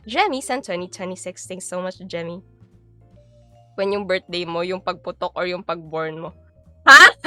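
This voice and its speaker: A woman's voice: on the low side, bright, forceful tone. A young Filipino woman with a Filipino accent, chatting casually on a live stream, giggly and mixing Tagalog with English. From Philippines.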